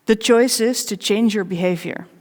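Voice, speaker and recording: A woman giving a live conference talk, candid and personal, with wry self-mocking asides and measured pauses between short phrases. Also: mid-range voice, darkish tone. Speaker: conference speaker. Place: large conference hall. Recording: long reverb of a big hall.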